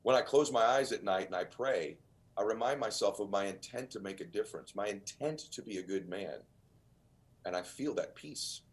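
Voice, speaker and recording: Speaking at a normal speed in a lowish voice, a man appears as a podcast guest sharing motivational stories. He sounds earnest and emphatic, nearly preacher-like.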